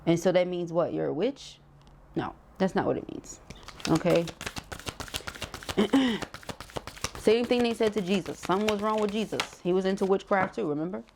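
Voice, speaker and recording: A woman's voice: mid-range voice, lively intonation, moderate pace, creaky, long pauses, darkish tone, a little hiss or hum. Emphatic woman giving a tarot reading. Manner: emphatic, preachy, slangy with rhetorical asides. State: sore, burning throat. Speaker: tarot reader. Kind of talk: casual spoken tarot reading.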